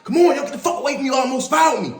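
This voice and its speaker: A man's voice: extremely high pitch, lively intonation, rapid-fire, gravelly, voice pushed up, exaggerated voice. A man acting out a hot-headed young inmate. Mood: aggressive. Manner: shouting, confrontational. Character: hot-headed young male inmate, aggressive and quick-tempered. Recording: echoey room.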